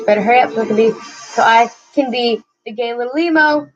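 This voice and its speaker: A woman's voice: fairly high pitch, fairly quick, muffled recording, soft background music. A young woman in casual chat with a friend, playful and giggly, joking about herself. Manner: playful, giggly, self-mocking.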